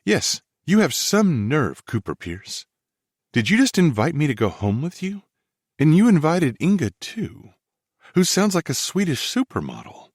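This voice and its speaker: A man's voice: on the high side, very animated, a little slow, slightly rough, no echo, clean studio sound, pitched above the performer's own voice, exaggerated voice. A man voicing an earnest young woman dress designer, eager and pleading, in an audiobook. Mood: indignant. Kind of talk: audiobook character voice.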